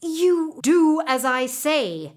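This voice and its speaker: A scheming magic horse , as a woman storyteller puts him on, whispering bossy orders in a slow, pressing way. The voice sits higher and louder than plain talk. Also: very animated, slightly rough, full character voice. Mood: commanding.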